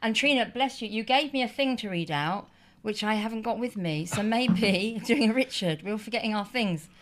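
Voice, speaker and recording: A woman's voice: a little high, lively intonation, moderate pace, background noise. A woman co-hosting a casual online chat, bubbly and chatty, often chiming in. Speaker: co-host.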